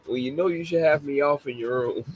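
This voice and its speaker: A man's voice: a little high, normal speed, background noise. A man in his forties hosting a casual live talk show, laughing often and apologizing to young listeners he calls babies. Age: 40s. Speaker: show host.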